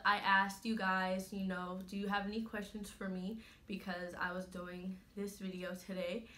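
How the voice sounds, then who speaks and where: A teenage girl talks straight to her viewers in a loose, chatty storytelling voice that keeps circling back with "you know." Her tone is bright and forward, sitting at an ordinary middle pitch for a young woman. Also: a little hiss or hum. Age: late teens. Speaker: vlogger. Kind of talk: casual storytelling to camera.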